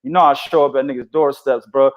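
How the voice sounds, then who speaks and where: A man's voice: mid-range voice, fast talker, lo-fi sound. A man co-hosting a casual boxing podcast, talking with heavy slang and profanity and telling stories. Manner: profane, animated, storytelling with slang. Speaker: podcast co-host.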